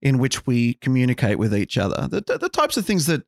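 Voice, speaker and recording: A man's voice: medium pitch, wildly swooping pitch, a little fast, dry recording, studio quality. A man hosting a podcast, talking through ideas in a casual, wry and musing way with sarcastic asides. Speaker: podcast host.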